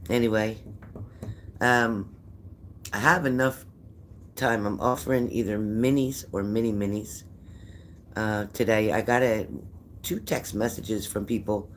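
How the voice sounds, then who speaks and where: A man's voice: lowish voice, fairly even intonation, a little slow, pauses often, fairly bright tone, a little hiss or hum. An older man hosting a psychic livestream, tired and chatty, rambling and greeting viewers by name. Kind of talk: casual livestream chat reading viewer comments.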